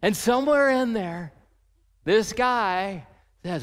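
A man preaching a sermon as pastor, animated and acting out the voices of people in his story. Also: high-pitched, measured pace, long reverb tail.

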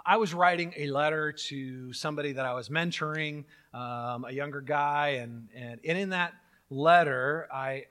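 A middle-aged man preaching a sermon as pastor, animated and joking, with mock-outraged asides. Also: fairly high pitch.

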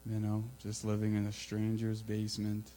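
A man giving an informal, earnest sermon, building to loud emphatic peaks, with a mains hum behind him. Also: on the low side, completely flat delivery, normal speed, rough recording. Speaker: preacher.

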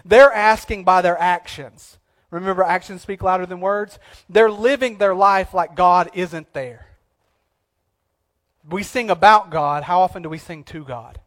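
Male pastor, high-pitched, impassioned sermon delivery, hushed to emphatic. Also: a little slow.

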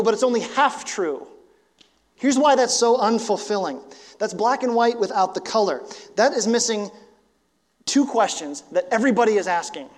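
A man's voice: high-pitched, expressive, moderate pace. A man preaching a sermon as a pastor, storytelling earnestly and asking rhetorical questions, with casual fillers. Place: church sanctuary. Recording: long church hall reverb.

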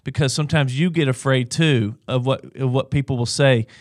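A man's voice: mid-range voice, moderate pace, no echo, studio quality. A man co-hosting a Christian livestream, speaking earnestly and encouraging viewers to respond in the chat. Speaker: co-host of a faith livestream. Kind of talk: conversational Christian teaching.

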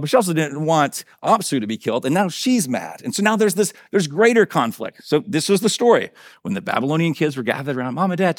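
A man's voice: a little high, no echo, clean studio sound. A male pastor preaching a conversational sermon in a church, often checking in with his listeners by asking "right?" and "okay?".

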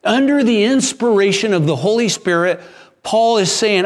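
A man's voice: sits high, animated, normal speed. A pastor preaching a sermon in an earnest, emphatic way, often restarting his sentences.

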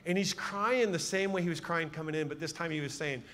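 A man with a fairly high voice preaches to his congregation, turning his sermon into an animated story. He swings between loud bursts and hushed, intimate moments, and long reverb from the hall trails after his words. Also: a little fast, slight background noise.

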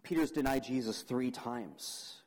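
A young man preaching a sermon, dramatic, asking the audience questions and swinging between loud emphasis and quiet. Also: medium pitch, a little slow, poor audio.

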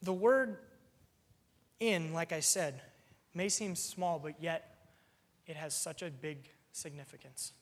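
Guy preaching a sermon, fairly high voice, earnest, explains stuff with simple examples, long reverb. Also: slow, long pauses.

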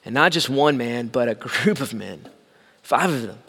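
A man pastor giving a conversational sermon, shifting between loud emphasis and quiet asides. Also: medium pitch, expressive, normal speed, slightly rough. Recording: long echo of a large hall.

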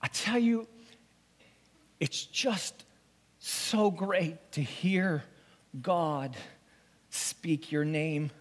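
Pastor, dramatic monologue, high voice, unhurried, booming hall echo, emotional, sometimes whispered. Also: male voice. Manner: emotional, swings from pleading to hushed whispers. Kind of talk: first-person dramatic sermon monologue. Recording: long reverb of a large hall.

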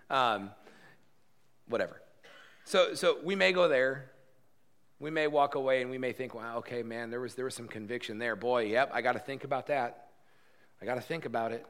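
A man preaching a sermon in church, earnest and repeating his key phrases, growing loud and lively when he jokes with the congregation. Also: mid-range voice, normal speed, long pauses. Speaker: pastor.

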